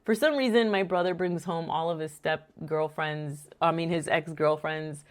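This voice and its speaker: A woman from Rico, hosting and telling a faith-based family story in a lively, laughing way. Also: low-pitched, normal speed. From Puerto Rico. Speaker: podcast host.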